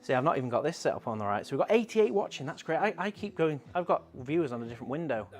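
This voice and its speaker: A man's voice: fairly high pitch, big pitch swings, very fast. A man hosting a casual live stream, chatting in a rambling way and reading out viewer comments.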